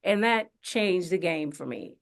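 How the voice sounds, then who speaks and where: A woman's voice: lowish voice, lively intonation, measured pace. A woman, an actress, telling her story in a casual interview, chatty with many fillers and restarts. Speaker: actress and singer, interview guest. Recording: radio studio interview.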